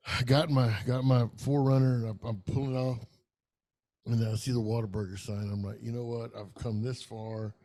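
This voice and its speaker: Gravelly, dark-voiced man telling a story. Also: medium pitch, normal speed. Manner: profane, rambling, animated storyteller. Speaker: podcast co-host. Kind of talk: casual storytelling chat.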